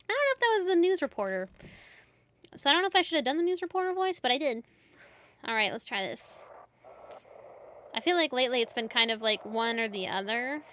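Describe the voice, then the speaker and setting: A woman streaming a video game, chatting in a casual, rambling way with quick asides. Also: sits high, expressive, a bit bright, dry recording.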